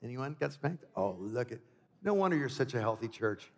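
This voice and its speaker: A man preaching a sermon as a visiting pastor, an animated storyteller who mixes scripture with jokes and family anecdotes. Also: medium pitch, moderate pace. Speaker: guest preacher. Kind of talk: sermon with personal stories and humor. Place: church sanctuary. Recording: reverberant church hall.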